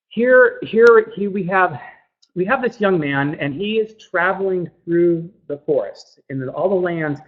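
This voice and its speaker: A man, a functional medicine practitioner, giving an earnest webinar presentation and often repeating words as he goes. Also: fairly high pitch. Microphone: laptop microphone. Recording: dull lo-fi laptop audio.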